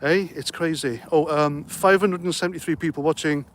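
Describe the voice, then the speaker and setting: A man's voice: a little high, steady tone, brisk, a little hiss or hum. A middle-aged man hosting a casual livestream, reading out comments and chatting in a rambling, jokey way, a little out of breath. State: slightly out of breath. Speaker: livestream host.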